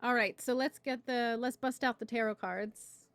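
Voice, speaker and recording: A woman's voice: fairly high pitch, steady tone, normal speed, clear, resonant tone, no echo. A woman hosting a spiritual livestream, talking casually about creativity and greeting viewers by name before a tarot reading. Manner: chatty, greets viewers warmly by name, many "right?" asides.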